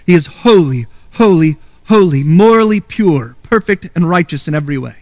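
A man's voice: fairly high pitch, animated, normal speed, darkish tone, no echo. A man preaching a sermon as a pastor, earnest and emphatic, reading and quoting scripture.

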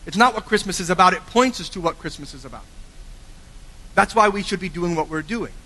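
A man preaching a sermon with earnest emphasis, swinging from forceful lines to quiet, low endings. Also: animated, brisk. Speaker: pastor. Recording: long hall reverb.

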